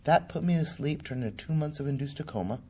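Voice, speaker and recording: A man's voice: a little high, lively intonation, fast talker, a little mellow, slightly rough. Man telling a personal story. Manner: vivid, acts out quoted voices. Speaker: political candidate interviewed.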